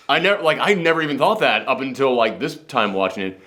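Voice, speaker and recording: A young man co-hosting a casual film review, talking fast and loose and slipping into mocking voices of characters. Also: medium pitch. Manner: animated, jumps into mocking impressions. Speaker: podcast co-host. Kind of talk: casual movie review chat.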